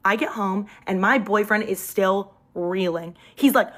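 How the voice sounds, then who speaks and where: A woman's voice: mid-range voice, unhurried, fairly bright tone. A young woman telling a dramatic personal story in a chatty, casual storytime style, leaning hard on emphasis.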